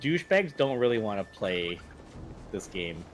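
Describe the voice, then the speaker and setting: A man streaming a farming game, chatting casually, swearing often and breaking into high excited yelps. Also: moderate pace, slight background noise. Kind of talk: casual gameplay chat. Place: indoors at a gaming chair. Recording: stream with game music underneath. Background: game music.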